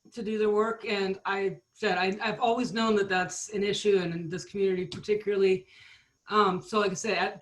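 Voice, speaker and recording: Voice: medium pitch, rough recording. A math teacher explaining, with feeling, in a casual panel discussion on a video call.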